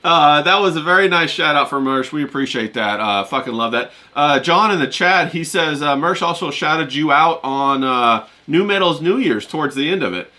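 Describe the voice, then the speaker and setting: A man from Kentucky hosting a casual live stream, chatting loosely with slang and shouting out viewers in chat. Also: fairly high pitch, lively intonation, normal speed, hardly any pauses. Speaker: streamer host.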